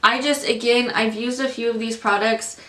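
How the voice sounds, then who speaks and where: Woman, beauty vlogger, ranting, exasperated, bright voice, echoey room. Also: on the high side, fairly even intonation, normal speed, far from the mic. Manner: ranting, exasperated, frequent fillers. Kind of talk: casual unboxing review.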